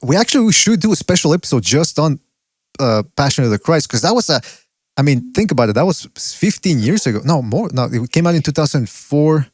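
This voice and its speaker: A man's voice: fairly high pitch, big pitch swings, fairly quick, slightly rough, no room sound, clean studio sound. A man co-hosting a podcast in casual chat, rambling and correcting himself mid-thought. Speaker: podcast co-host.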